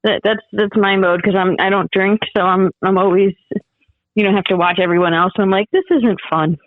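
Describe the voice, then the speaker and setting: A woman's voice: mid-range voice, fairly quick, dry recording. Laid-back woman on dull lo-fi audio. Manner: relaxed, brief replies, laughs along. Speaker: podcast co-host. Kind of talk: casual chat.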